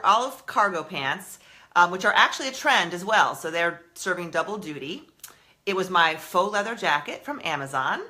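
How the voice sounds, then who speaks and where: A woman's voice: fairly low pitch, sharp tone. A woman hosting a casual live stream about fashion, chatty and rambling, stopping to correct herself, a little out of breath. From Massachusetts, US. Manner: chatty, rambling, self-interrupting.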